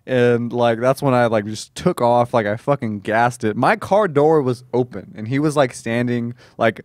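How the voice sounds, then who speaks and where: A man's voice: mid-range voice, normal speed, no room sound, clean studio sound. A man hosting a podcast, telling rambling, profane stories full of quoted dialogue in a casual chat. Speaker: comedian host. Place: podcast studio.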